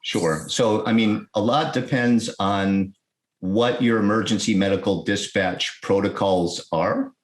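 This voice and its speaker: A man, an emergency-services chief, explaining things as a guest in a podcast interview, speaking in quick bursts with restarts. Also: on the low side. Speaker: guest, EMS fire chief. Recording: roomy echo.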